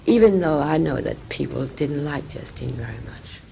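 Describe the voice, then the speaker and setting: Woman, actress, gravelly voice, halting, faint tape hiss. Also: sits low, lively intonation, mellow. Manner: halting, searching for words, many restarts. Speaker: actress and director, interview guest. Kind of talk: casual interview talk.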